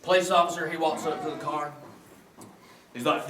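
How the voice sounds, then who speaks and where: A man's voice: a little high, steady tone, normal speed, pauses often, fairly bright tone. A man doing a folksy comic routine in a church, telling stories in a hillbilly drawl. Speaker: church comedian. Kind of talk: comic storytelling in character. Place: church sanctuary. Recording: echoey church, distant mic, noisy.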